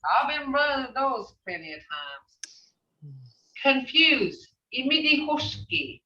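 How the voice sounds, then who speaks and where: A woman's voice: high voice, sing-song, takes it slowly, pushed and bright. Older woman teaching, distant echoey sound. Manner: storytelling with many "you know" fillers. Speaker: language teacher. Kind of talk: teaching a language class. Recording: echoey, distant, dull recording.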